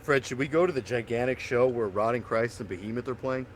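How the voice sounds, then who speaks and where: A man's voice: medium pitch, fairly quick, a little hiss or hum. A man co-hosting a podcast, telling rambling, profane stories and laughing often. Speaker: podcast co-host. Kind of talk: casual chat.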